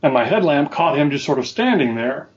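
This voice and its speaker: A man's voice: on the high side, sing-song, a little fast, slight background noise. Wry man telling a story. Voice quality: dry, wry humor. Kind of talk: casual storytelling chat. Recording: dull lo-fi audio.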